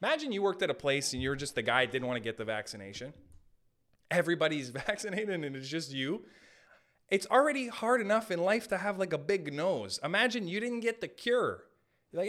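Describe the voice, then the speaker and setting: A man's voice: high voice, big pitch swings, normal speed, a bit bright. A man from Canada hosting a podcast, doing a hyped-up, jokey comedic rant. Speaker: podcast host.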